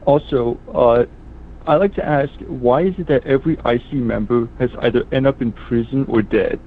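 A man's voice: medium pitch, moderate pace. A male caller with a mumbling, slightly lispy way of speaking. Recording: tinny phone line.

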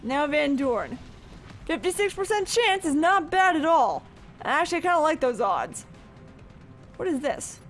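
High-pitched guy doing game commentary, unhurried, swears a lot, faint game music. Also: sing-song, fairly bright tone. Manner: chatty, swears freely, reacts aloud. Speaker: let's play gamer. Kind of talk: casual gameplay commentary.

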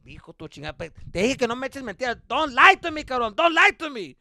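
A man acting out a stern, angry father who loudly demands the truth. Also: very high voice, brisk, no room sound, clean studio sound, pitched above the performer's own voice. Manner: loud, demanding.

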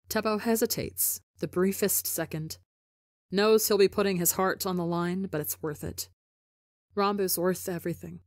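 A woman narrating a fan fiction audiobook in a soft, measured storytelling manner. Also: on the low side, fairly even intonation, dry recording, clean studio sound. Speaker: podcast reader.

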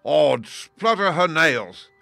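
A man voicing a huge, scheming male Welsh giant who talks slowly and menacingly and stammers when caught off guard. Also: animated, a bit bright, faint music behind. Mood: furious. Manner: slow and menacing, then high and stammering.

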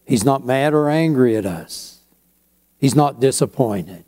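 Pastor, male; slow, unhurried sermon delivery with a warm, mellow tone and chatty asides. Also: medium pitch, lively intonation. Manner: slow, conversational preaching with asides.

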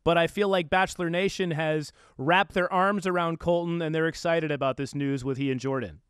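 A man's voice: fairly high pitch, steady tone, brisk, a bit bright, clean tone, no echo, clean studio sound. A man co-hosting a casual entertainment news panel, leading the topics with frequent "uh" fillers. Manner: leads the segment with frequent "uh" fillers. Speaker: co-host.

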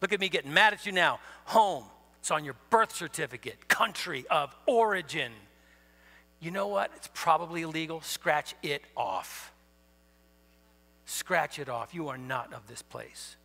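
A man giving a sermon in a university chapel, animated, swinging from quiet to loud. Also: a little high, normal speed. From Ohio. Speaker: chapel speaker. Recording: reverberant chapel hall.

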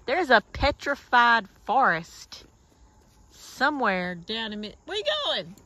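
A woman's voice: a little high, expressive, slow pace, sharp tone, no echo. Chatty Southern woman vlogging outdoors. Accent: Southern American. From West Tennessee, USA. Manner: rambling, chatty, trails off and restarts mid-thought. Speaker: family vlogger. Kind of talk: casual chat to camera. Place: outdoors in a home yard. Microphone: handheld camera.

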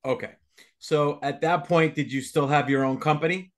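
A man hosting a podcast who asks halting questions and rephrases them as he goes. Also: on the high side, fairly even intonation. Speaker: podcast host. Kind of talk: interview questions.

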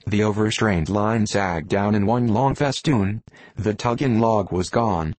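A man reading a classic novel aloud, low-pitched and unhurried. His delivery is measured and deliberate. The recording is close and dry. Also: darkish tone, no echo. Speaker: audiobook reader. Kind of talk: scripted narration.

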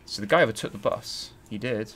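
A man's voice: lowish voice, fairly quick, a bit bright, a little hiss or hum. A man hosting a let's play, thinking aloud and grumbling as he searches. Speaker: gaming channel host.

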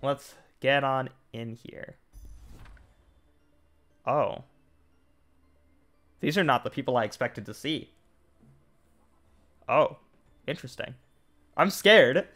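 A young man in mid-pitch chats loosely while streaming a card game. He rambles, restarts his sentences and leans on fillers, with soft game music playing faintly underneath. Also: lively intonation, slow pace, pauses often. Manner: rambling, many fillers and restarts, laughs easily. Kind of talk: casual gameplay chat.

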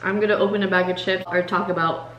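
A woman's voice: fairly low pitch, level tone, quick pace, fairly bright tone, reverberant, lo-fi sound, a little hiss or hum. A woman hosting a casual eating video at home, teasing her family and laughing while she eats. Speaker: vlogger and host. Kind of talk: casual mukbang chat. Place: family home during a meal.

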